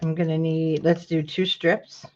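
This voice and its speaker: A woman hosting a casual paper-craft tutorial, her voice sitting on the lower side. She chats with viewers by name as she measures and trims. The recording is dull and lo-fi. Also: little pitch movement, a little slow, background noise. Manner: chatty, greets viewers by name mid-task.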